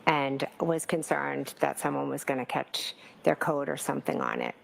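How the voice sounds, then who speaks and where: Low gravelly-voiced woman testifying in court. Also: big pitch swings, moderate pace, slight background noise, poor audio. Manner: hesitant, many fillers and restarts. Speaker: trial witness.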